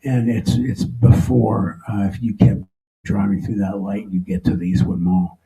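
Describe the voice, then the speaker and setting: A middle-aged man telling his own story on stage to a live audience, emotional and halting, often restarting his sentences. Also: fairly low pitch, dark tone, low-quality recording.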